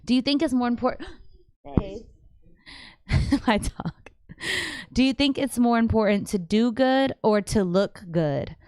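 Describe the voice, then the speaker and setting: Brief: woman host, smooth clear voice, dry close sound, animated and slangy. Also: on the high side, moderate pace, no echo. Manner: chatty, animated, slangy, trails off and restarts. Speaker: livestream host answering viewer questions. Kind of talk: casual live chat. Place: home.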